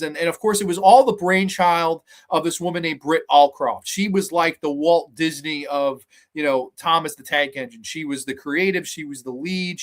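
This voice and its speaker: A man in his twenties hosting a show, telling stories and reviewing movies in an animated, profane, rambling way. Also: a little high. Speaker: host. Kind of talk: casual storytelling and movie commentary.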